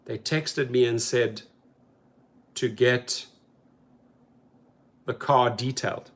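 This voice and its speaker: A man's voice: mid-range voice, a little slow, long pauses. A man hosting a rideshare channel, talking casually and animatedly about a news story and acting out the people in it. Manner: animated, talks to viewers as "bro", acts out quotes.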